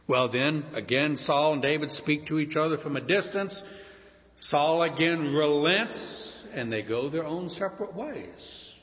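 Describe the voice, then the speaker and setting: A man retells a Bible story for a lesson in a folksy, lively manner, his voice high and swinging widely. The sound is dull, with a long hall echo. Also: normal speed. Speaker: Bible teacher. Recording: dull reverberant hall recording.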